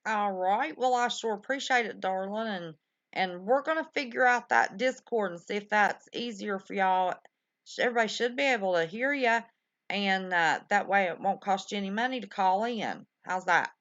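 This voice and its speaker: A woman's voice: mid-range voice, moderate pace, fairly bright tone, dry recording. A woman hosting a live-stream show, chatting in a folksy, affectionate way with callers and viewers. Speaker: livestream show host. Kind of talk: casual live-stream chat. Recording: dull lo-fi stream audio.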